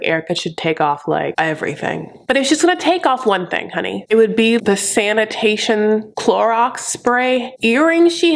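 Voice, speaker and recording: A woman hosting a reality TV recap in a sassy, campy, gossipy way, full of "honey" and "like", breaking into high mocking impressions. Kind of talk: casual comedic recap.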